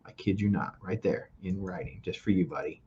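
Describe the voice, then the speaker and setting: A man's voice: low voice, fairly quick, dark tone, muffled recording. An older man hosting a talk show, ranting about food in a casual, joking way. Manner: opinionated, joking rants. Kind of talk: casual chat.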